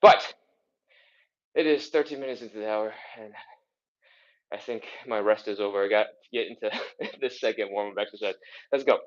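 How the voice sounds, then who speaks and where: Coaching a stretching workout live, this man counts out reps, sighs between moves and grows breathless as he follows along himself. His tone is relaxed and supportive; his lowish voice comes at normal speed with frequent pauses, and the recording is muffled.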